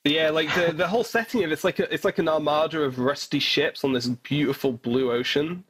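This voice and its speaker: A man co-hosting a podcast in loose, casual chat, his voice a little husky and pitched higher than most. He talks bluntly and swears freely, often stuttering as he restarts a thought. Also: a little fast, a bit bright. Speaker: podcast co-host.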